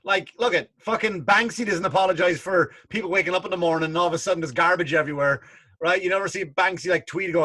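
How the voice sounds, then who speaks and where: Bright-voiced profane comedian ranting. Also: male voice, high voice, fast. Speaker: comedian and podcast co-host. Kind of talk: casual podcast chat. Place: basement home studio.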